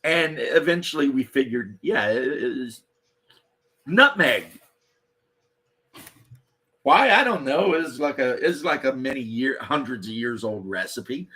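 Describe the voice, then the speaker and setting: Husky man chatting bluntly. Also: mid-range voice, unhurried, pushed and bright. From Eastern Kentucky, USA. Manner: rambling, profane, blunt. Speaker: podcast host. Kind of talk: casual chat.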